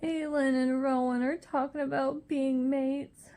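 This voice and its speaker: A woman's voice: high voice, flat delivery, a little slow, mellow. A young woman in a casual reading reaction vlog, gushing and emotional, near tears as she talks. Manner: gushing and emotional, many exclamations. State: tearful. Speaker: book vlogger.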